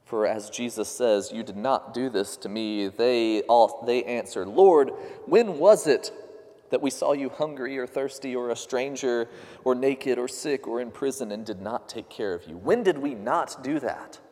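A pastor delivers a sermon in a mid-range, slightly mellow voice at a moderate pace, with a long reverb tail trailing his words. His tone is earnest and questioning, and he raises his voice whenever he quotes others.

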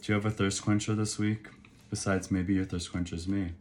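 A man's voice: low-pitched, fairly quick. A man co-hosting a podcast in casual chat, rambling and full of fillers. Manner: rambling, filler-heavy, excitable. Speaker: podcast co-host.

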